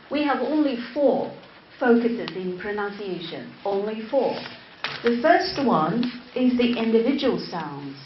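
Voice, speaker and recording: An unhurried woman English teacher from China lectures a class, repeating her key words and asking students to confirm. The recording is dull and lo-fi, in an echoing room, with a faint hum of ambience behind her. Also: mid-range voice. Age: 50s.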